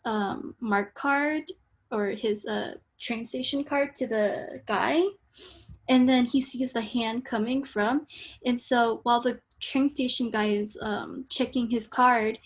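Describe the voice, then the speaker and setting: A woman student presenting her storyboard in an online class, hesitant and full of ums and likes. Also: on the high side. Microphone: video call.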